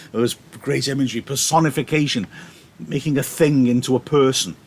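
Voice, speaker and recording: A man's voice: mid-range voice, fairly quick. A male teacher in a live lesson, reading a play aloud and explaining it in casual modern paraphrase, into a laptop mic.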